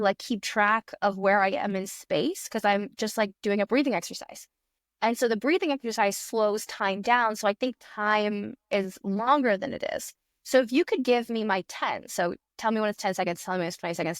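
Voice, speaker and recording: A woman in her thirties, a magician guest on a podcast, telling an animated story and acting out her own past thoughts in quick voices. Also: medium pitch, no room sound, studio quality. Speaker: guest magician and fire eater.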